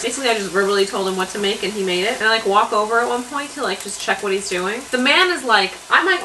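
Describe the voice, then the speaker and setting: A woman's voice: mid-range voice, pushed and bright, a little hiss or hum, poor audio. A young woman rambling casually in a home vlog, chatty and full of fillers and asides. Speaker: vlogger. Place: home kitchen.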